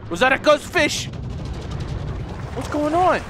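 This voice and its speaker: A man doing let's play commentary, excitable and swearing, talking to his viewers and shouting at the game. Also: very high voice, takes it slowly, background noise. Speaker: gaming video host. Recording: game sounds loud behind the voice.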